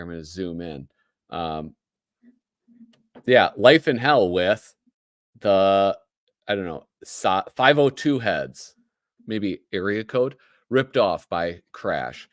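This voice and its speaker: A man with a Midwestern American accent and a low voice hosts a casual livestream, chatting and joking while he reads aloud. The sound is studio quality with no echo.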